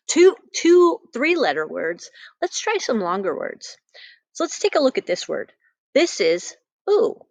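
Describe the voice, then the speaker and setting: A woman's voice: medium pitch, no echo. A woman teaching a phonics lesson to young children, patient and sing-song on key words.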